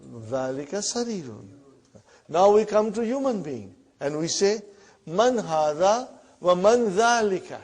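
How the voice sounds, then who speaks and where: Man, language teacher, higher voice, classroom lesson, slow repetition, checks in with students. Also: sing-song, darkish tone. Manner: repeats words slowly, often asks "huh?" and "brother". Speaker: Arabic teacher.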